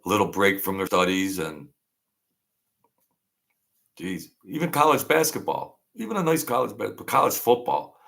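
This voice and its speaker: A man's voice: fairly low pitch, normal speed, vocal fry, long pauses, fairly bright tone. A man hosting a casual livestream, rambling as he greets viewers by name and answers their comments. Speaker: livestream host.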